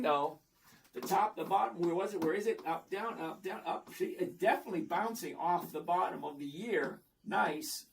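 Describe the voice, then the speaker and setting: Gravelly older man hosting a livestream. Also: high-pitched. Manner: chatty, blunt, rambling asides. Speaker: stock market livestream host. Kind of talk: casual live chat answering viewers.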